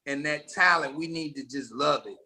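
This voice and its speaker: A man's voice: fairly high pitch, moderate pace, bright, forceful tone. A man from DC, telling stories as a guest in a laid-back, rambling podcast conversation. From Washington DC. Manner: laid-back, rambling storytelling with frequent restarts. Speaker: guest rapper.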